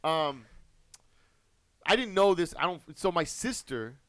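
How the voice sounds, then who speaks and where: A man's voice: on the high side, animated, measured pace, fairly bright tone, clear, resonant tone, no room sound. A young man co-hosting a podcast, telling a long story in a casual, rambling, profane way. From Monterey Park, Los Angeles. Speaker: podcast co-host.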